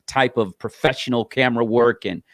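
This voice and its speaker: A man's voice: medium pitch, brisk, fairly bright tone, no echo. Eager male host in a dry room. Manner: enthusiastic, repeats words. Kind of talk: casual interview chat.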